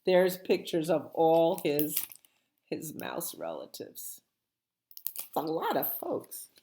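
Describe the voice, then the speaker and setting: Low-voiced, animated storytime librarian. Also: female voice, takes it slowly, vocal fry. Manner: gentle, playful, talks to small children. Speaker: children's librarian. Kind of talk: children's storytime, reading aloud.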